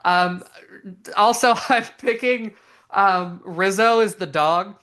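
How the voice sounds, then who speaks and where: A young woman co-hosting a podcast, chatting casually in an animated, giggly way with lots of fillers. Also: medium pitch, slow pace. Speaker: podcast co-host. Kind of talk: casual chat.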